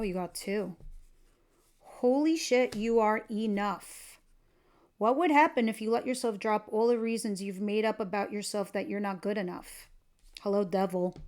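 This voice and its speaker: A woman giving a casual tarot reading to her viewers, chatty and laughing often, with casual swearing. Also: mid-range voice. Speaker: tarot reader.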